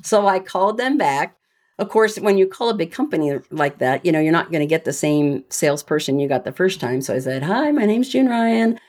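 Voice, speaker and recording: Animated woman telling a family story. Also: sits low, fairly quick. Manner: animated storyteller, laughs often. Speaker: guest, retired rear admiral and speaker. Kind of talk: casual interview chat.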